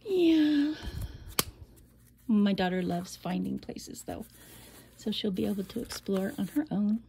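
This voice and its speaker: A woman's voice: mid-range voice, lively intonation, slow, gravelly, warm tone, slight background noise. A middle-aged woman casually showing off a handmade album, chatty and rambling, with frequent laughs and whispered asides. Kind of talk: casual show-and-tell.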